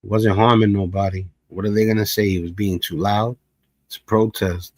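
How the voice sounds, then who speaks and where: A man's voice: lowish voice, level tone, normal speed, slight background noise. A man hosting a casual reaction commentary, talking in a laid-back, conversational way full of filler phrases. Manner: laid-back, conversational, lots of "you know". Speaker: commentary host.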